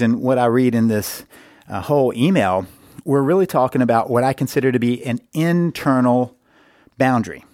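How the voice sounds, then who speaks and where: An earnest middle-aged man talks through relationship advice at a measured, explanatory pace. His voice sits at an ordinary middle pitch. The sound is close and dry. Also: a little mellow, dry recording. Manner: earnest, explanatory, repeats words for emphasis. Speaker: podcast host and marriage coach. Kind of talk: advice podcast monologue.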